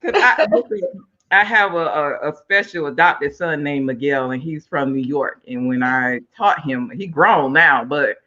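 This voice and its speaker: A woman hosting a live online talk show over a video call, effusive and excitable, thanking viewers by name. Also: deep voice, unhurried, muffled recording. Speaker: host.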